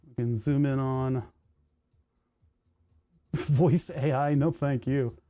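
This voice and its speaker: Here the Pennsylvania streamer speaks slowly, still chatting casually at the computer while drifting off on tangents and breaking off mid-sentence. Their tone is mellow and darker, with an even, middling pitch.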